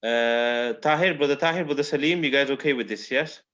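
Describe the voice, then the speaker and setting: A man's voice: mid-range voice, a little fast, fairly bright tone, dull audio. A man teaching a recitation class online, explaining patiently and often checking in with "yeah?". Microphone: video call microphone.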